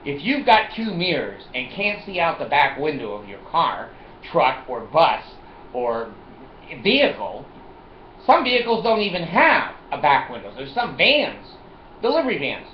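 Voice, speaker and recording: Animated man telling a story in an echoey room. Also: a little high, measured pace, a little hiss or hum. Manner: animated, acts out dialogue, laughs and swears. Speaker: vlogger. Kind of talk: personal storytelling monologue. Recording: echoey, dull lo-fi room recording.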